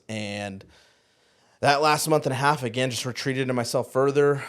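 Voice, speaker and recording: A man, a podcast co-host and former youth pastor, telling a painful personal story in an earnest, halting way that often trails off quietly. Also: mid-range voice.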